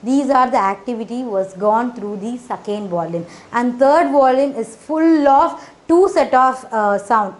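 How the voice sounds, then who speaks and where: A woman's voice: on the high side, measured pace. A woman teaching phonics in a casual explanatory way, with frequent fillers and repeated check-ins, in non-native English grammar.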